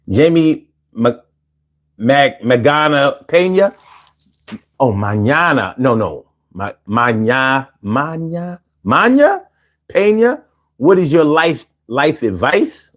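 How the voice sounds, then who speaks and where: A middle-aged man hosting a casual live stream, reading viewer comments aloud and answering in a profane, rambling way with stammered restarts. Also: medium pitch.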